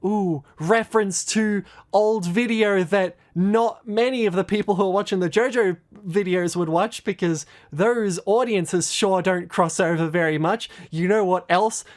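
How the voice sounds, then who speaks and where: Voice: medium pitch, a little slow, hardly any pauses. An animator and video creator talking casually on their own channel, rambling with many restarts and fillers and making fun of themselves. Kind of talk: casual commentary vlog.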